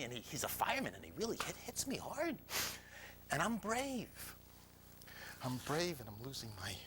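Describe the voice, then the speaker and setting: Older male storyteller, bright, lively pitch, self-mocking, faint rumble behind. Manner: animated, self-mocking, drops to whispers for quoted lines. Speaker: storyteller speaking to an audience. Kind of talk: personal storytelling talk.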